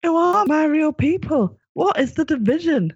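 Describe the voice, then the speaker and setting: A man putting on an excitable Northern-accented woman. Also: normal speed, no echo, dull audio. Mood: excited. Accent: put-on Northern English. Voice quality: breathless and high-strung. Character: excitable, frantic woman time traveller.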